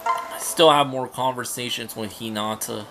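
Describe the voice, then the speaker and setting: A man's voice: medium pitch, moderate pace, over music. A man giving a short, plain narration between dubbed game scenes. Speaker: fan dubber.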